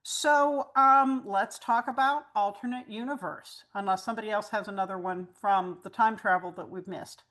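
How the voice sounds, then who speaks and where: A woman's voice: mid-range voice, normal speed, hardly any pauses, fairly bright tone. A woman hosting a casual fan chat, explaining plot details at length. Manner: recaps plots at length, explanatory. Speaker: host.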